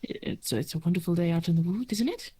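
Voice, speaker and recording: A woman voicing a gentle, cheerful male half-elf who sings in the woods, kindly and welcoming. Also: fairly low pitch, expressive, a little fast, breathy edge.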